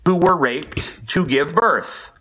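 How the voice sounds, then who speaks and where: A man's voice: a little high, slow, bright, forceful tone, rough recording. A man giving sarcastic political commentary, amused with himself.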